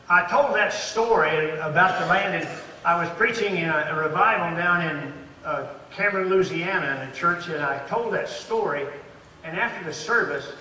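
A man's voice: on the high side, moderate pace, pushed and bright, slight background noise. A man in his eighties preaching a sermon as a pastor, stressing points with rising emphasis and frequent restarts. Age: 80s. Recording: echoey hall, voice from far off.

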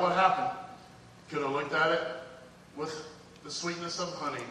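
A man's voice: on the high side, fairly even intonation, moderate pace, long pauses, a little hiss or hum. Preacher man in a big echoey hall. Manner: swings from hushed storytelling to fervent exhortation. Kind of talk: sermon. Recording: echoey hall, distant mic.

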